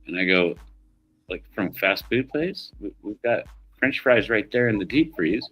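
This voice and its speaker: Middle-aged male streamer, low-pitched, profane, easygoing storyteller, faint music underneath. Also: normal speed, fairly bright tone. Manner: profane, rambling storyteller who laughs often. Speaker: livestream host. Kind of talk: casual chat.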